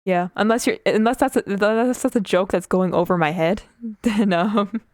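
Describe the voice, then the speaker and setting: A woman's voice: medium pitch, normal speed, darkish tone, dry recording, clean studio sound. A young woman from Canada chatting casually on a livestream while she draws, rambling with fillers, with a slight speech impediment. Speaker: Twitch streamer.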